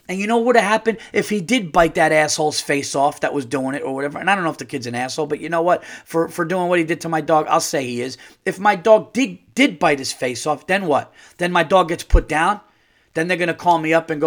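Man, podcast host, solo rant, swears a lot, somewhat high-pitched. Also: quick pace, a bit bright. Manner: angry ranting, swearing, acts out dialogue.

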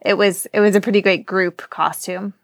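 Female podcast co-host, vocal fry, wry and sleepy, dead-dry close mic. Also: medium pitch, steady tone, normal speed, no echo. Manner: wry, joking. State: sleepy, yawning. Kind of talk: casual chat watching a movie.

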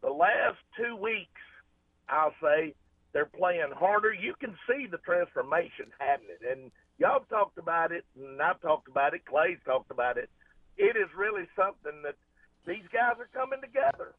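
A man's voice: sits high, big pitch swings, normal speed, no room sound. Man calling in by phone. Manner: rambling, folksy, restarts often. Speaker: caller. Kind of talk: casual call-in chat. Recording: tinny phone line.

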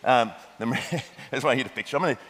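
A man preaches to his congregation, animated and quick to break into jokes and laughter. His voice sits mid-range for a man. The sound carries a long reverb from a large hall. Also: medium pitch. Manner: animated, joking asides with laughter. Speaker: pastor. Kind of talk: sermon.

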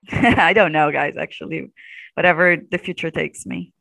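Chatty young woman with a creaky voice. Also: low voice, moderate pace, a bit bright, no room sound, low-quality recording. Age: 20s. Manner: chatty, laughs often, fillers like "like". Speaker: graduate student guest. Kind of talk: casual interview chat.

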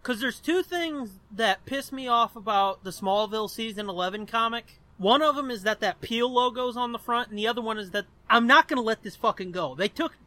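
A man's voice: very high voice, a little fast, hardly any pauses, pushed and bright. A man co-hosting a podcast in casual chat, laughing often and swearing freely. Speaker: podcast co-host.

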